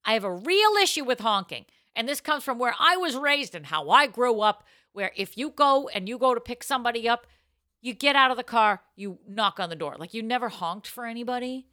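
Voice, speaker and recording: A woman's voice: a little high, lively intonation, a little fast, sharp tone, no room sound, studio quality. A woman co-hosting a casual podcast, telling stories in a playful way, laughing often and swearing freely. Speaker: podcast co-host.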